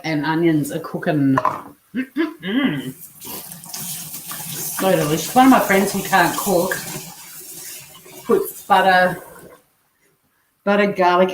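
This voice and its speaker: A chatty Australian woman talks to her stream viewers while cooking, her voice sitting a little low. She swears freely and answers comments as they come in. The sound bounces around a roomy home kitchen, with a faint hiss behind it. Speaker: livestream host. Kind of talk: casual livestream chat while cooking.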